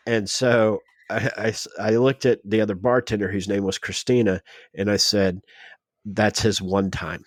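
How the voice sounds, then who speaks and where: A man telling a story on a podcast, animated and acting out the dialogue of the people in it. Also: on the low side, normal speed, no room sound, studio quality. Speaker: podcast guest. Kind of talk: casual storytelling.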